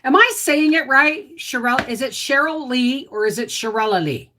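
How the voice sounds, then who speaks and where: A woman's voice: high-pitched, animated, normal speed, bright, forceful tone, a little hiss or hum. A middle-aged woman hosting a casual livestream, greeting viewers and answering their comments in a chatty, sympathetic way.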